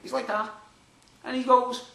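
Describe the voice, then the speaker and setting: A man, chatty and animated, telling a long rambling story to his viewers. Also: very high-pitched, a little slow, vocal fry, echoey room. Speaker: vlogger.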